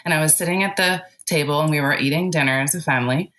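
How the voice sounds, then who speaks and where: A woman's voice: deep voice, quick pace, fairly bright tone. A woman telling a childhood story in a casual spiritual chat, laughing often and using lots of fillers. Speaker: podcast guest.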